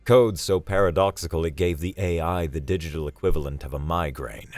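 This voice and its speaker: A man narrating a sci-fi story in a dry, steady storytelling manner. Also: a bass voice, a little fast, no echo. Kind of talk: scripted narration.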